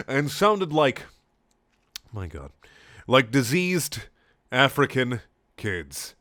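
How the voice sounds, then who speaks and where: A man reading a story aloud in a sarcastic, deadpan way, with mocking asides. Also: mid-range voice, very slow, pauses often, no echo. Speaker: comedic reader.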